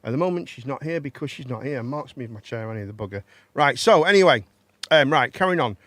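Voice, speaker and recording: A man's voice: medium pitch, lively intonation, quick pace, fairly bright tone, no echo. A man hosting a casual live-stream chat show. He rambles, repeats his words and banters with his guests.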